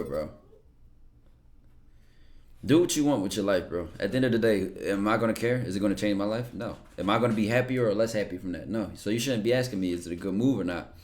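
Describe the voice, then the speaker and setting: A young man with a fairly low, darkish voice talks fast during a laid-back stream. Responding bluntly to viewers, he uses plenty of slang and profanity and often repeats words.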